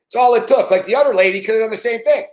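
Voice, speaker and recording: In a roomy, echoing recording, a sports betting show host tells a loose, swear-filled story full of fillers. His voice is extremely high-pitched, very fast and a little mellow.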